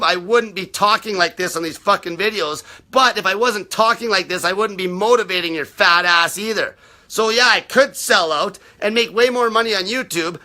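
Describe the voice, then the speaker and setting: Brash, swearing man with a sharp voice. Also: sits high. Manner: blunt, combative, swears constantly. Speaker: live-stream host answering viewer questions. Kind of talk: unscripted live rant.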